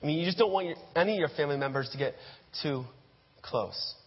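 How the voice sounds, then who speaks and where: Male preacher, second-person storytelling sermon; slightly high voice, dull recording from a church hall. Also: fast, slightly rough. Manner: addresses listeners as "you", acts out scenes.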